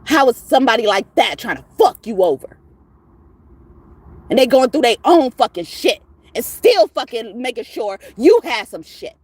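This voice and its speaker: A woman's voice: on the high side, big pitch swings, normal speed, slightly rough, no room sound. A woman tarot reader ranting to her viewers in a heated, profane, emphatic way. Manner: profane, emphatic, rising to shouts. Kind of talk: heated casual rant to viewers.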